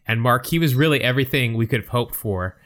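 A man's voice: medium pitch, fast, fairly bright tone. A man co-hosting a podcast in a casual, upbeat chat, laughing easily. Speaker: podcast co-host.

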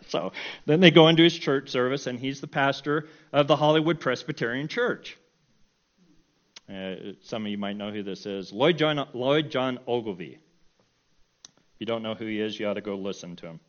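A middle-aged man telling a personal story in a sermon, animated and self-mocking, often breaking into laughter. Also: medium pitch, moderate pace, dull audio. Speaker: preacher.

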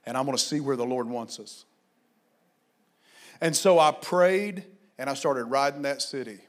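A pastor preaches a sermon in a medium-pitched voice at normal speed. He is fervent and exhorting, sometimes shouting and sometimes quietly telling stories.

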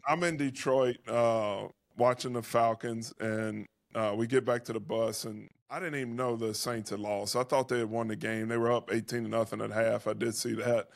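A man's voice: medium pitch, fairly even intonation, moderate pace, creaky, few pauses, no echo, clean studio sound. A man in his forties hosting a casual podcast interview, trading laid-back, teasing banter with a friend. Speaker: podcast host, former NFL player.

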